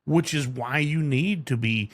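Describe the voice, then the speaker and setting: A man's voice: a little high, a little slow. A man hosting a conversational interview, telling anecdotes and adding short agreeing replies. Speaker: host.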